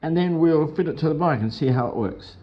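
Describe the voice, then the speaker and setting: Male vlogger, slightly high voice, chatty how-to delivery, muffled camera sound. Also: lively intonation, fairly quick, background noise. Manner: chatty, upbeat, talks through each step. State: has hiccups. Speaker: motorcycle vlogger. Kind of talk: casual how-to talk.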